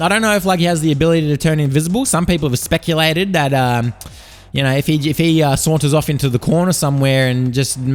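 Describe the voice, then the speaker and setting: An Australian man hosting a podcast, telling crude, profane tall tales in a rambling comic monologue. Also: medium pitch. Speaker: podcast host.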